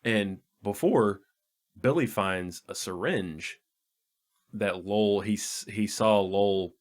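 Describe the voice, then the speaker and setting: A man co-hosts a movie podcast, casually retelling funny scenes during a review chat and laughing often. He speaks slowly in a voice on the low side.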